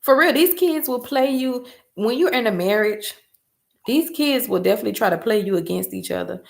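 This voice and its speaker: A mother chatting casually as a host, telling a story in an emphatic, animated way. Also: fairly high pitch, moderate pace, vocal fry. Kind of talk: casual chat.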